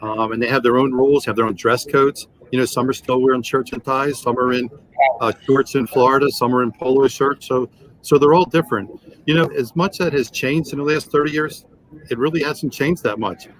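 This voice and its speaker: A man in his sixties, a sales trainer, telling animated anecdotes and acting out the dialogue in a podcast interview. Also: mid-range voice, a little fast, rough recording. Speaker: guest, automotive sales trainer.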